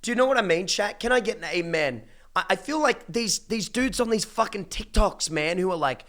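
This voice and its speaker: A man's voice: sits high, expressive, a little fast, hardly any pauses, a bit bright. A young man ranting casually to his livestream chat, blunt and profane, with many restarts. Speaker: streamer.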